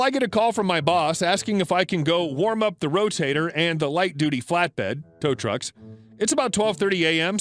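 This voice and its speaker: A man's voice: on the high side, a bit bright. A man narrating a story in a dry, matter-of-fact scripted reading.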